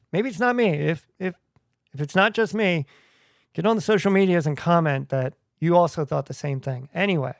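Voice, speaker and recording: A man hosting a podcast in a chatty, joking way. His voice sits a little high and comes across smooth and clear. The sound is dry and close, with no room echo. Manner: chatty, jokey asides. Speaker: podcast host. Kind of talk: casual podcast talk.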